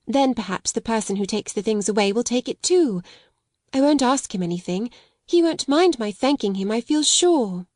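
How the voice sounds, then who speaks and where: A woman doing a high, bright-voiced young girl in a storybook, earnest and courteous, tender and eager, lifting her voice well above the narrator's, recorded dry and close with no room sound. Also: animated, moderate pace, no room sound. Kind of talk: audiobook character reading.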